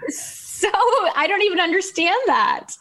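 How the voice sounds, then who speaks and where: A woman's voice: very high voice, expressive, moderate pace, pushed and bright. A woman hosting an interview, effusive and emphatic, often restarting her sentences. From United States. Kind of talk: casual interview.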